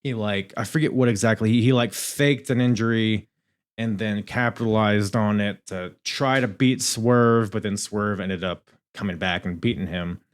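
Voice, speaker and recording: A young man hosting a podcast, reviewing in a casual, animated way, swearing and laughing at his own asides. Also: on the low side, moderate pace. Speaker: podcast host.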